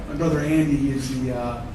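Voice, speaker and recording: A male comedian telling profane, animated stories on a theater stage, often laughing through his lines. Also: on the high side, background noise. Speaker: stand-up comedian. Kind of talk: live one-man comedy storytelling. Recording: echoey hall from far off.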